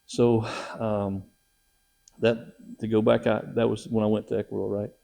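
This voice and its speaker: Man, middle-aged, gravelly, dark voice, casual storytelling, animated quoting. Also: moderate pace. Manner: animated, acts out quotes with raised pitch. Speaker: missionary telling his testimony.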